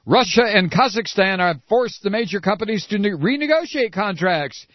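A man giving sarcastic political commentary while reading a news article, with mocking asides. He swings from shrill mock surprise to low muttering. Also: expressive, normal speed, no room sound. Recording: dry, dull lo-fi audio.

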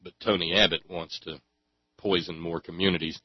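A man's voice: deep voice, level tone, moderate pace, slightly rough, no echo, dull audio. A man ranting in sarcastic, angry commentary and swearing freely. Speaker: political commentator.

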